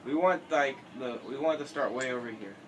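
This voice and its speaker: A man's voice: medium pitch, a little fast. A teenage boy giving casual, rambling commentary over a building game, often correcting himself and joking. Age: teens. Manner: rambling, self-correcting, jokey. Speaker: gameplay commentator. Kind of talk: casual let's-play commentary. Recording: noisy home recording.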